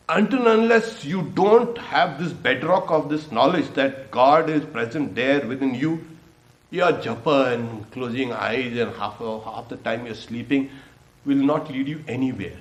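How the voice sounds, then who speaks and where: A man giving a sermon as a swami, his voice carrying around an echoey hall. He laughs often as he talks and leaps up in pitch when he acts out people's questions. He sounds mid-pitched and unhurried. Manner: laughs often, animated with lively pitch jumps. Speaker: swami giving a spiritual talk.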